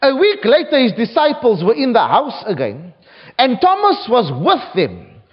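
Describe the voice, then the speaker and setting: A man's voice: very high voice, huge pitch swings, measured pace. A man preaching a sermon, reading scripture aloud with a dramatic delivery, from South Africa. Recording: dull lo-fi recording.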